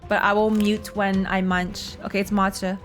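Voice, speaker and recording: A woman's voice: medium pitch, flat delivery, normal speed, soft background music. A tired young woman streaming, giving chatty, rambling reaction commentary on a game. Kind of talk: casual gaming reaction commentary.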